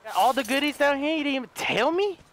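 A man hosting a gaming video, giving excitable casual commentary, yelping and talking back to enemies. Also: very high-pitched, fast, a little hiss or hum. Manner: excitable, yelps and talks to enemies. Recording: voice over loud game audio. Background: game sound effects.

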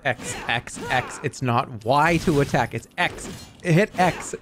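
A man's voice: mid-range voice, slow pace. A man streaming a video game, chatting casually with viewers in a jokey, exaggerated way. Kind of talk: casual livestream chat while gaming. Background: game music.

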